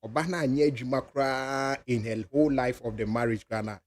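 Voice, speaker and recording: A man's voice: medium pitch, fairly even intonation, quick pace. A man with a Ghanaian accent hosting a radio talk show, arguing his point steadily in English and Twi. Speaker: radio host. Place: radio studio.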